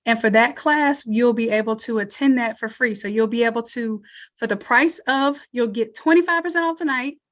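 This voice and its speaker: A woman with a Southern American accent and a fairly high voice hosts a live online design class over a computer mic on a video call. She talks to her viewers in an energetic, encouraging way, calling them y'all. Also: moderate pace. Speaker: online design course instructor. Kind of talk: live webinar teaching and promotion.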